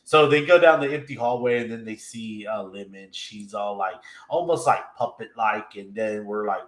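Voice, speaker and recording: A man's voice: on the low side, normal speed, few pauses, echoey room. A man casually recapping an anime episode, retelling scenes with laughs and little acted-out quotes. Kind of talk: casual chat.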